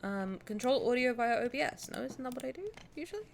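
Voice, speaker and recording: A woman's voice: on the high side, expressive, fast, gravelly, slight background noise. A woman live-streaming her gacha pulls, chatting with her viewers, cooing at game characters and shrieking in mock protest, swearing freely. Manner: playful, coos at game characters.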